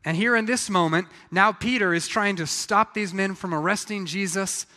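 A man preaching a sermon, telling the story in a lively way and acting out the voices of the people in it. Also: sits high, normal speed, long reverb tail. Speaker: pastor.

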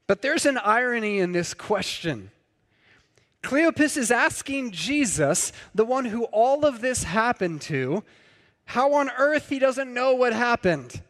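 A man's voice: very high-pitched, big pitch swings, unhurried, fairly bright tone. A man preaching a conversational sermon, sometimes acting out the people in his story. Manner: conversational, acts out quoted voices. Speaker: pastor. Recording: long hall reverb.

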